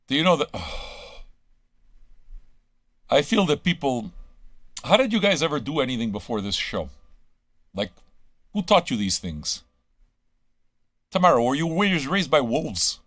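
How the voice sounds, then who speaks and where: A man's voice: mid-range voice, big pitch swings, unhurried, pauses often, fairly bright tone, no echo. A man hosting a live radio stream, ranting crudely at his listeners with constant swearing and rhetorical questions. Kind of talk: crude rambling monologue to chat.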